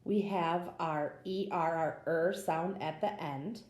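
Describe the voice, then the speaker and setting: A woman teacher walks through a phonics lesson, sounding out each word with care. Her voice is low and mellow, and her pace is unhurried. The recording has a roomy echo around it. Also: fairly even intonation. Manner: slow, patient sounding-out of words.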